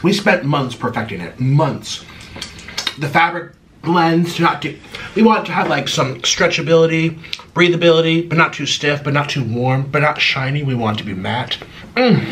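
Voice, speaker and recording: A man hosting an eating vlog at home, chatting casually while he eats, swinging between bubbly high exclamations and low mumbled asides. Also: lively intonation, moderate pace, a bit bright, a little hiss or hum. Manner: chews and talks while eating. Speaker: mukbang host.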